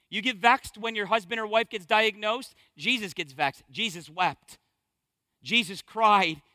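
High, bright-voiced impassioned preacher man. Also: measured pace, no echo. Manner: impassioned, swinging between hushed and loud. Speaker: pastor. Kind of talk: sermon.

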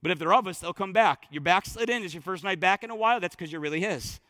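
A male pastor preaching a sermon in church, emphatic, swinging from loud declarations to hushed, near-whispered lines. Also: sits high, fast talker, no room sound, clean studio sound.

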